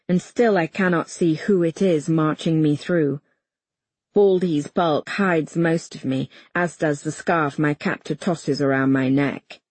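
A woman's voice: low voice, a little mellow, no room sound. A woman narrating a first-person novel as an audiobook, telling it in a tense, urgent way and voicing the heroine's lines. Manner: tense, urgent storytelling with voiced dialogue.

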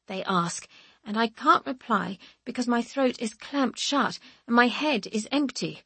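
A woman narrating a first-person audiobook in a wry, measured, expressive way. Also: fairly high pitch, slightly rough, dry recording.

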